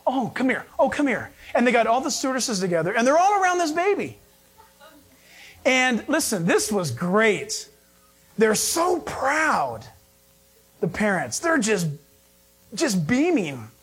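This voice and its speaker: High-voiced, husky male preacher. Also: a little slow, long pauses. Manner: animated storytelling, acts out quotes. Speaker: pastor. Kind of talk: sermon.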